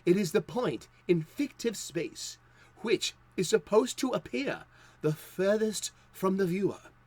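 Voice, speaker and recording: A man's voice: sits high, expressive, unhurried, a little mellow, voice pushed up. Man putting on a formal British announcer. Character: adult male British announcer reading a glossary.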